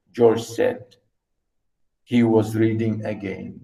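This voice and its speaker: Animated male lecturer. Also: fairly high pitch, slow, poor audio. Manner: animated, rhetorical questions to students. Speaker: literature lecturer. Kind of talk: classroom lecture reading a story aloud.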